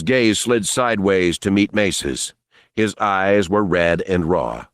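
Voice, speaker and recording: Deep-voiced male audiobook narrator. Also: lively intonation, slow pace, no echo, clean studio sound.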